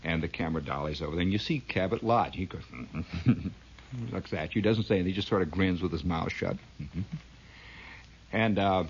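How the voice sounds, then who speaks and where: A man's voice: low voice, normal speed, a little hiss or hum. A man telling a rambling comic story, laughing at it as he goes. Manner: rambling, laughing at his own tale. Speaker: comedian. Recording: dull lo-fi old recording.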